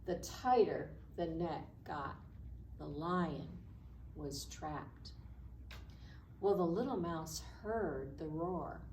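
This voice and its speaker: A woman librarian reads a story aloud to children in a slow, animated storytelling voice. Her voice sits a little low. She is recorded in an echoey library room, some distance from the mic, over faint background noise. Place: public library branch.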